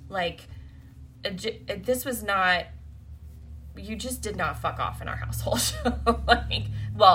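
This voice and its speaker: A woman's voice: mid-range voice, sharp tone. A woman hosting a podcast, telling a personal story in a blunt, profane way and laughing often. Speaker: podcast host. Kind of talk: candid storytelling monologue.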